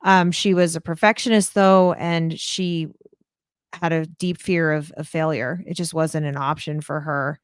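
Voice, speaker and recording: A woman's voice: deep voice, fairly even intonation, measured pace, smooth, dry recording, studio quality. A woman guest co-host discussing a true crime case in a thoughtful, hesitant way with frequent ums.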